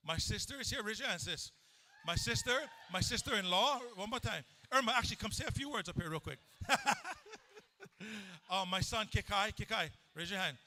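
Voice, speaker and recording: A man with a high, very bright voice tells his recovery story to a crowd. He talks in an easy, chatty way and jokes with the audience between serious moments. He speaks into a handheld mic in an event hall. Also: animated, brisk, a little hiss or hum. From Hawaii. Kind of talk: live testimony speech.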